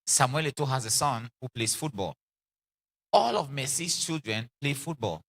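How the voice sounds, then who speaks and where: A man preaching a sermon in an animated way, acting out quoted voices and repeating lines for emphasis, with laughs between lines. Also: mid-range voice, moderate pace, gravelly.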